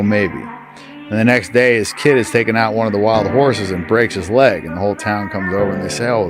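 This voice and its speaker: A man with a low voice tells an old parable at an easy pace. Guitar music plays clearly behind him. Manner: calm parable telling. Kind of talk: casual storytelling.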